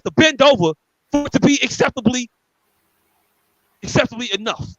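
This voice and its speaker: A man's voice: extremely high pitch, normal speed, pauses often, a bit bright, low-quality recording. A man co-hosting a podcast, ranting angrily and profanely with lots of repetition. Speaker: podcast co-host. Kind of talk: heated podcast rant.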